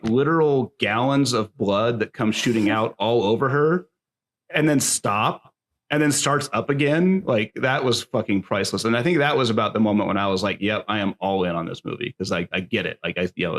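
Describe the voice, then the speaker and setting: A man co-hosting a podcast, talking about a gory horror film with rambling, swearing enthusiasm. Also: medium pitch. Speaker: podcast co-host. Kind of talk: casual film discussion.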